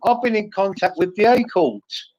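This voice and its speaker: A man's voice: sits high, moderate pace, dull audio, noisy background. A man hosting a live online call, arguing combatively, interrupting and repeating himself. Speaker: live stream host. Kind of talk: heated live stream argument.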